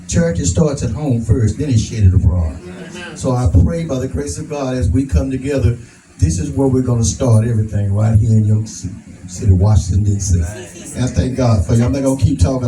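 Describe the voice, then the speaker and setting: A man giving a rousing, preacher-like speech at a prayer breakfast, folksy and laughing at his own jokes. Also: mid-range voice. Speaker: advocate speaker. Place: event hall. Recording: echoey room from a distance, noisy.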